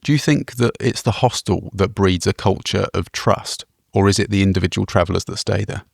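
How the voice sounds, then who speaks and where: A man co-hosting a podcast, talking in a wry, measured way. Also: deep voice, gravelly, breathy edge, no echo, studio quality. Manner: wry, measured, mock-philosophical. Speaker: podcast co-host. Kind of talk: casual chat.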